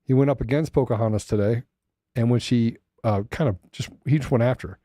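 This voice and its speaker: A man's voice: mid-range voice, a little fast, dark tone, no echo, clean studio sound. A man hosting a political commentary show, ranting with mocking asides. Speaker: host.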